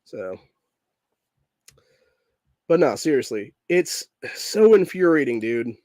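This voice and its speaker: Clean studio audio with no room sound captures a man's mid-range, sing-song, slightly mellow voice moving slowly. Sick and with his voice messed up, he hosts a political podcast, delivering a heated, profane rant and tacking "dude" onto almost every line.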